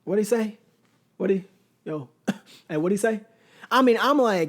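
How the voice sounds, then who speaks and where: A man's voice: high voice, measured pace, long pauses. A man in his thirties tells a personal story on his podcast, speaking casually and with lots of energy. He often checks in with the audience and keeps the tone close and conversational. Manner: animated, conversational, addresses listeners directly with "right?". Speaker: podcast host. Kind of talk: storytelling monologue.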